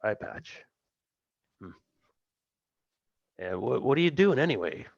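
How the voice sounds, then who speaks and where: A man's voice: medium pitch, big pitch swings, takes it slowly, creaky, no room sound, dull audio, pitched above the performer's own voice, full character voice. A man voicing a tipsy, coarse male street local who talks bluntly. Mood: gruff.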